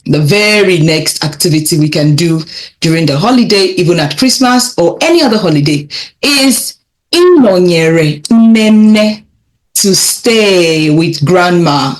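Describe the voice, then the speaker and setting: A young woman teaching children vocabulary, repeating words slowly and encouraging them as she goes. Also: lowish voice, lively intonation. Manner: repeats phrases slowly, encouraging, laughs lightly. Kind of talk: slow, clear vocabulary lesson for kids.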